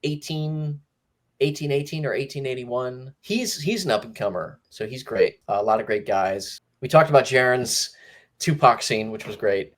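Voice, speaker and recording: Animated male movie-review host. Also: mid-range voice, normal speed. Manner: animated, jokey, slips into mock voices. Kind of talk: casual movie review chat.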